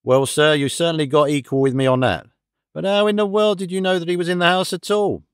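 A man's voice: fairly high pitch, steady tone, quick pace, clear, resonant tone, no room sound, studio quality, pitched above the performer's own voice, natural voice. A man doing a blunt, brusque police inspector. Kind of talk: audiobook character reading.

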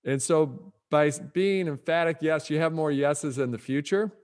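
A man's voice: on the high side, darkish tone. A middle-aged man who talks in an upbeat, motivational way as an author guest on a podcast interview. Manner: upbeat, motivational, brisk delivery.

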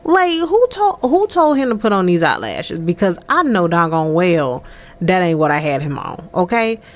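Animated, chatty woman gamer. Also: on the low side, moderate pace. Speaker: let's play host. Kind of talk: casual gameplay commentary.

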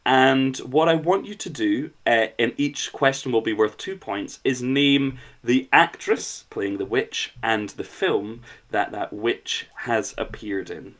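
A man's voice: mid-range voice, slow pace, few pauses. A man hosting a casual podcast quiz round, playful and chatty. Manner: playful, animated quizmaster. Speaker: quiz host.

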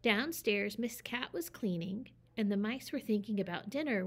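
A woman reading a children's picture book aloud with a lively, expressive delivery. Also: mid-range voice, moderate pace, breathy edge. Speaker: storyteller. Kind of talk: children's story read-aloud.

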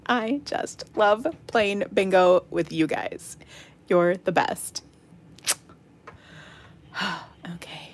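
Woman, middle-aged, giggly, playful, slow-paced, casual online game host. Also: medium pitch, slight background noise. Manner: giggly, playful, breaks into silly singing. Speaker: host of an online craft workshop game night. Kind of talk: casual live-stream chat calling bingo. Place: home craft room.

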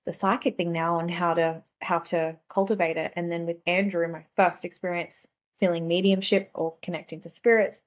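A woman's voice: on the low side, level tone, moderate pace, few pauses. A young adult woman, a guest on a talk show, telling stories in casual chat with lots of "like" fillers. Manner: chatty, heavy use of "like" fillers. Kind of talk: casual conversational storytelling.

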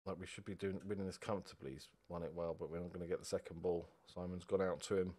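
A young man giving a football video game live commentary, excitable and sweary, moving between quiet muttering and loud outbursts. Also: deep voice, fast talker. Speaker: gaming video host.

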